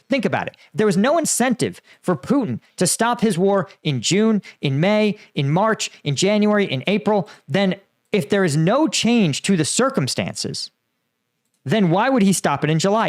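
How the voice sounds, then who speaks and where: High-voiced man giving dry sarcastic commentary. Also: no echo. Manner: conversational, sarcastic, frequent restarts. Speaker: commentary channel host. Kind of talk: casual political commentary.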